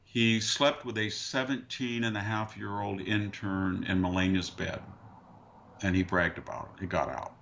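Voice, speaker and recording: A man being interviewed as a historian, telling dry, wry anecdotes with a deadpan punchline. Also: fairly low pitch, moderate pace, gravelly, muffled recording, slight background noise. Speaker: guest historian. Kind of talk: conversational storytelling. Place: rural farm valley region.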